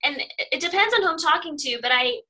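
A woman's voice: high voice, expressive, fast talker, sharp tone, low-quality recording. A young woman from California, a news reporter chatting as a guest in an interview, upbeat and casual with plenty of 'um' and 'like'.

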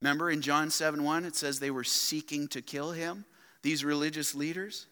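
A man preaching a sermon, swinging between loud emphatic outbursts and quiet, low asides, often asking his listeners rhetorical questions. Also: fairly even intonation, normal speed, clear, resonant tone, long reverb tail. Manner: addresses listeners as "loved ones" and asks rhetorical questions. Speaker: pastor. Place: church sanctuary.

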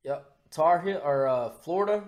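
A man hosting a podcast in a casual, profane, excitable chat who bursts into shouts. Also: on the high side, moderate pace. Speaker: podcast host.

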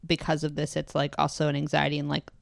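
Woman podcast host, deep smooth voice, dry close mic, earnest. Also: completely flat delivery, fast talker, dry recording. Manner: earnest, appreciative, gently probing. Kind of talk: interview questions and chat.

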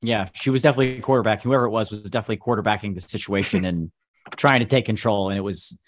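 A man's voice: on the low side, very fast, a little hiss or hum. A man hosting a podcast, casually telling a story with laughs between phrases. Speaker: podcast host. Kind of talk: casual chat.

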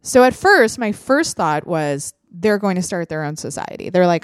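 A woman's voice: fairly low pitch, sing-song, moderate pace, smooth, no room sound, clean studio sound. A woman hosting a podcast in casual chat, talking freely with frequent laughs and fillers. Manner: chatty, laughs often, lots of fillers. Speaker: podcast host.

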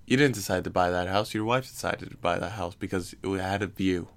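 A man's voice: sits low, fairly quick. A young man hosting a casual recorded chat, rambling and teasing with jokes. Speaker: podcast host.

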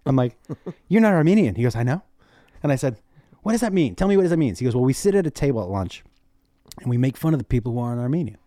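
A man's voice: medium pitch, quick pace, long pauses, no room sound, clean studio sound. A middle-aged man, a comedian guesting on a podcast, telling family stories in a casual chat and acting out every line of quoted dialogue. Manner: animated storyteller who acts out quoted dialogue.

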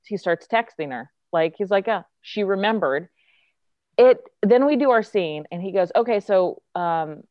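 A woman's voice: mid-range voice, animated, normal speed, few pauses, no echo. Chatty woman telling a story, dry, dull sound. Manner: chatty, lots of filler likes, acts out quotes. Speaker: actress, guest. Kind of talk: casual anecdote telling.

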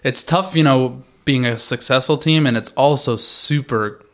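A man's voice: medium pitch, measured pace, fairly bright tone. A man co-hosting a podcast, chatting casually about hockey with wry, joking asides. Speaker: podcast co-host. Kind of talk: casual sports chat.

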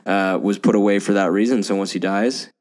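A man's voice: fairly low pitch, steady tone, brisk, darkish tone. A man co-hosting a casual movie review podcast, rambling and laughing often. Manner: rambling, laughs often, does goofy voices. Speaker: podcast co-host.

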